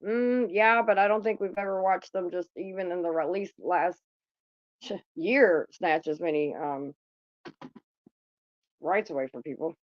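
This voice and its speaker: A woman's voice: lowish voice, a little slow, pauses often, no echo, muffled recording. A woman hosting a casual livestream, chatting bluntly and with plenty of profanity to her viewers. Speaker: livestream host.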